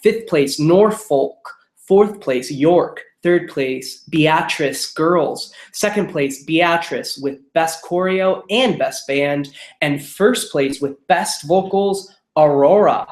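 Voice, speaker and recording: A host reading off competition results in a quick, chatty rhythm and tossing in little asides between placements. The voice sits at a middle pitch. It rings out in an echoey room. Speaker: show choir results host. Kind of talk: live webcast chat reading competition results.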